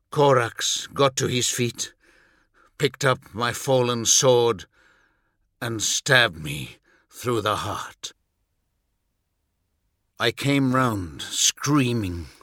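Slow intense male audiobook narrator. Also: on the low side, a bit bright, no room sound, studio quality. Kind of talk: dramatic first-person narration.

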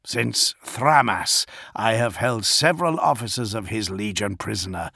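A man voicing a proud, formidable male warlord who speaks slowly and haughtily. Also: on the low side, gravelly, pushed and bright, slightly rough, no room sound, studio quality, full character voice.

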